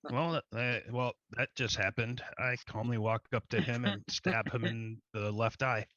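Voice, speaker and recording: Deadpan player, bright dull-sounding mic. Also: male voice, mid-range voice, measured pace, no echo. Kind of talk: tabletop game chat.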